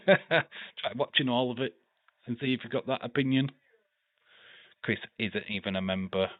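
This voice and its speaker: A man with a Yorkshire accent hosts a live watch-along, casually chatting, swearing, laughing often and reading chat messages aloud. His mid-range voice is a little slow, captured in a dry recording with phone-quality sound.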